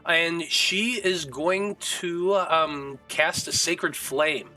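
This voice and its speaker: A man's voice: fairly high pitch, extremely slow, sharp tone, soft background music, low-quality recording. A man narrating as game master of a tabletop game in a casual, hesitant way with fillers.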